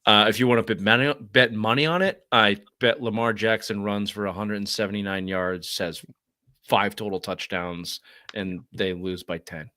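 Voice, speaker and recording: A man's voice: on the low side, moderate pace. A man in his thirties with a Boston accent, co-hosting a casual sports podcast and joking profanely between stories. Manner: profane, joking, animated storytelling. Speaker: podcast co-host.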